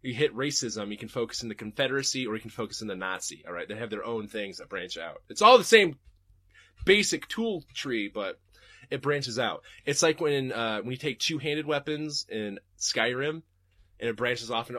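A man's voice: medium pitch, expressive, normal speed, bright, forceful tone, no echo. A man hosting a podcast and reading live chat, talking casually and profanely and laughing often.

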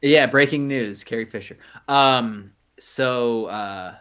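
A man's voice: mid-range voice, takes it slowly, a bit bright, clean tone. A middle-aged man co-hosting a podcast in casual chat, rambling with many fillers and restarts. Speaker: podcast co-host.

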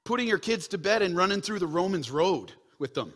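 Bright, high-pitched pastor, preaching. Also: male voice, brisk. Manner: swings from quiet earnest asides to loud excited bursts. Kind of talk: sermon.

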